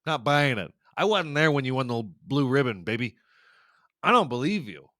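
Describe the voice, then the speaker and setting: Brief: foul-mouthed male podcaster ranting sarcastically, mid-pitched voice, dry sound. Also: very animated, moderate pace, bright, forceful tone, no room sound. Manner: profane, rambling, sarcastic. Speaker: podcast host. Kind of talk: comedic ranting monologue.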